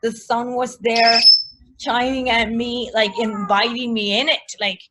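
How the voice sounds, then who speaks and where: A woman telling a personal story as a guest in a casual chat, animated, full of likes and restarts. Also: fairly high pitch, measured pace, background noise.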